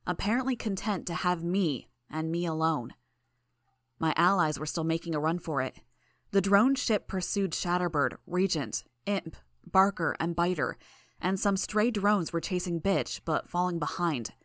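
A woman narrating a first-person story in a measured, tense way. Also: lowish voice, dry recording, clean studio sound.

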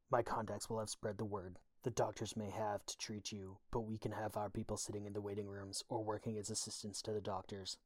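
A man's voice: on the low side, no echo, natural voice. A man voicing a cold, threatening young woman who talks in curt, level threats, read as a storybook audiobook.

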